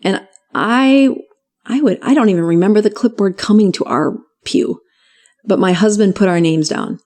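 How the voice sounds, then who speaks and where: A middle-aged woman physician telling her story in an interview, animated and laughing often as she acts out what people said. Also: mid-range voice, normal speed. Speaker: physician guest.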